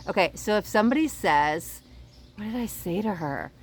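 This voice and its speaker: A woman's voice: mid-range voice, lively intonation, moderate pace, breathy edge. A woman giving a casual, rambling oracle card reading to camera outdoors by the water, often checking in with her viewers.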